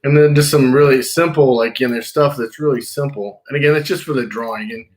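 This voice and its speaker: A man's voice: mid-range voice, brisk, darkish tone. A man working as a pool designer, talking casually and reassuringly with clients about a backyard plan.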